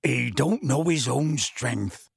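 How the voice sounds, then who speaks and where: A man voicing a huge, gentle half-giant man who is anxious and close to tears, speaking in hushed, earnest tones with rustic grammar. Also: mid-range voice, expressive, slow, creaky, husky, no echo, exaggerated voice. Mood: desperate.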